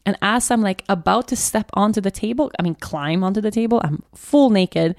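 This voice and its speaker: A young adult woman hosting a podcast, telling a personal story in a halting way, often restarting and repeating herself. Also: medium pitch, a little mellow, no room sound, clean studio sound. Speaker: podcast host.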